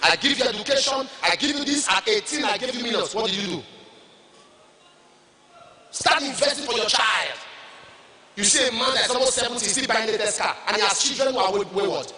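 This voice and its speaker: A man's voice: high voice, lively intonation, a little fast, pauses often. Nigerian man, pastor mid-sermon, emphatic and sing-song, distant echoey hall. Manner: emphatic, shouted lines and sing-song repetition.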